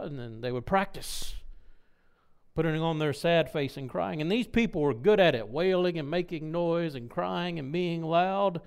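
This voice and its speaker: A man's voice: on the high side, a little slow, vocal fry, clean tone. A man preaching a sermon, asking the congregation rhetorical questions and acting out sounds. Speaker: pastor.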